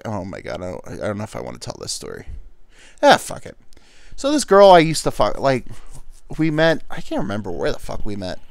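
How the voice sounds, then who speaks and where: Host, male, rambling self-deprecating comic monologue, very animated pitch, dry close sound. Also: no echo. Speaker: podcast host. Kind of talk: casual comedic monologue.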